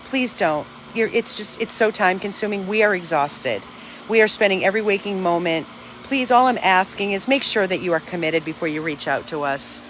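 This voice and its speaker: A woman's voice: medium pitch, moderate pace, a little hiss or hum. A woman who runs a dog rescue, talking to her followers outdoors in an earnest, emphatic, chatty way. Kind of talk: casual vlog to followers.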